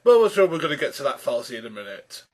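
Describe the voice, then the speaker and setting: A man's voice: mid-range voice, big pitch swings, rapid-fire. A man giving an argumentative response commentary, exasperated, often calling his opponent by name and restarting his sentences as he builds each point. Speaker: YouTube commentator rebutting a video.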